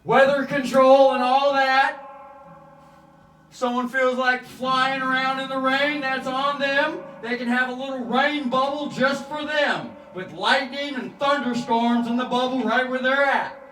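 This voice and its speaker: A man's voice: very high voice, fairly even intonation, measured pace, bright, forceful tone, a little hiss or hum. A man in a rambling, profane, free-associating spiritual monologue. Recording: echoey room, far from mic, guitar music.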